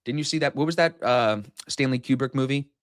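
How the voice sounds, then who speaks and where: A man's voice: medium pitch, a little fast. A man in his thirties hosting a live trading stream, chatting casually, rambling and joking with frequent swearing.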